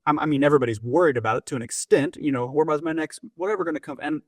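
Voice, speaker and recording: A man co-hosting a faith chat show, with a voice on the higher side and a close, dry sound. He rambles and restarts his sentences often, with a preacher's way of telling a story. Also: racing, no echo. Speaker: podcast co-host, preacher. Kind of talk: casual chat.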